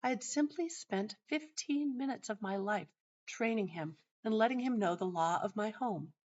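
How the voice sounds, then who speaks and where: A middle-aged woman hosting a teaching show, telling a personal story in a calm, measured way. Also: mid-range voice. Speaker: host and teacher. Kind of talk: narrating a personal teaching anecdote. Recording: dull lo-fi sound.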